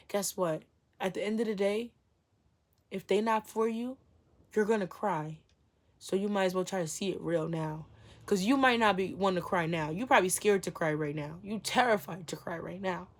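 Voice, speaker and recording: A woman's voice: mid-range voice, fairly bright tone. Young woman vlogger, blunt and preachy, repeats herself, hammers rhetorical questions. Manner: emphatic, repetitive rhetorical questions; blunt and preachy, sometimes swearing. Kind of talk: motivational talk to camera.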